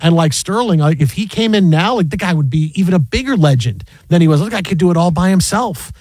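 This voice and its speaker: A man with a high voice hosts sports talk, rambling and excitable, doubling back on his words. The sound is dry and close, with no room around it. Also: fast, slightly rough, dry recording. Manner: rambling, excitable, many restarts.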